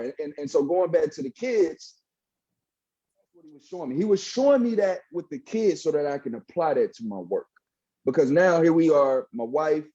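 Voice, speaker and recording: A man's voice: fairly high pitch, mellow, breathy edge, lo-fi sound. A man in his thirties, a former pastor, telling his faith story in a casual, preachy way and often saying "bro". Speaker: guest, former pastor turned hip hop artist. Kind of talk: casual testimony in a podcast interview.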